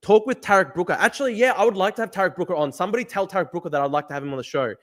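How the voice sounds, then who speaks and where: A man's voice: high-pitched, very fast, a bit bright. A young man hosting a livestream, brash and laughing as he reads comments. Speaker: host. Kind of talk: livestream chat.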